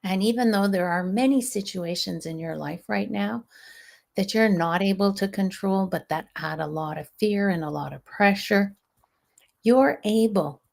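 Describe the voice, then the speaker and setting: Slow, gravelly-voiced woman coach. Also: medium pitch. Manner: slow, soothing, guiding delivery with softly breathed phrases. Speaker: stress management coach and host. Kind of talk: live coaching talk.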